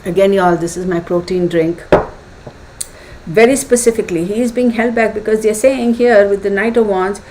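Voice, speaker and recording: A woman's voice: mid-range voice, steady tone, fairly quick, a little mellow, slight background noise, poor audio. Chatty woman reading tarot. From United States. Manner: chatty, thinks aloud with fillers and acted asides. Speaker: tarot reader.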